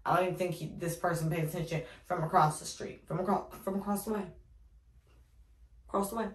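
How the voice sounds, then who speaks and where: A young adult woman telling a casual story to her viewers, animated and sassy, with slang, calling them y'all. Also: mid-range voice, moderate pace, pauses often. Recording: roomy echo.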